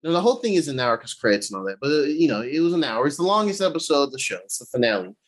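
A man co-hosting a casual chat show, recapping an episode in a loose, profane way, jumping between his own voice and quick acted-out paraphrases of characters. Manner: animated pitch swings, excitable. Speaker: podcast co-host recapping episodes.

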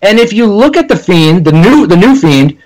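A man guesting on a wrestling podcast, telling stories casually with quick asides. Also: high-pitched, sing-song, darkish tone, slight background noise, poor audio.

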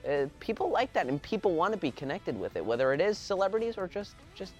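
A man co-hosting a soccer talk show, speaking in a lively, animated way. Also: sits high, quick pace, faint music behind. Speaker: co-host. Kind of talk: casual sports chat.

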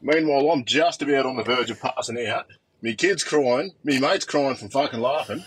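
A man's voice: mid-range voice, normal speed, slight background noise. An Australian man from northern New South Wales, a father, calling in with a crude, self-mocking story. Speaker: caller, father. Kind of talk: phoned-in anecdote.

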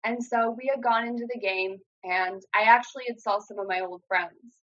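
A woman's voice: medium pitch, steady tone, normal speed, a bit bright. A young woman earnestly telling a personal story in a casual way, with many "like" fillers. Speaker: guest sharing her story. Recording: dull lo-fi audio.

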